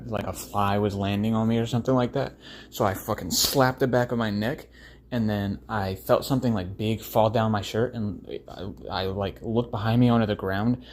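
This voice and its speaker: A man's voice: fairly low pitch, darkish tone, slight background noise. A man from the United States rambling on a solo podcast, swearing freely and filling gaps with fillers. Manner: rambling, profane, full of fillers. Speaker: podcast host.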